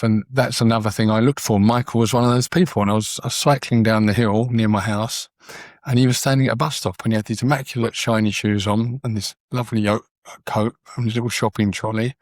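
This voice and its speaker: A documentary photographer, appearing as a podcast guest, tells stories in an earnest, rambling, conversational way with frequent restarts. His voice is lowish, and the recording is studio quality with no echo.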